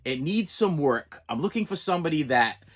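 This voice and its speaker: A middle-aged man, a teacher and father, talking casually and at length to his viewers in an animated, repetitive way. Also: on the high side, normal speed. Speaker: preschool teacher and collector vlogger. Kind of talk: casual rambling monologue.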